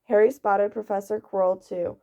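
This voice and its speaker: A woman's voice: medium pitch, steady tone, moderate pace, warm tone. A woman doing an amateur audiobook reading, often slipping and restarting, on a dull lo-fi recording. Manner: reads with frequent slips and restarts. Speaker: reader.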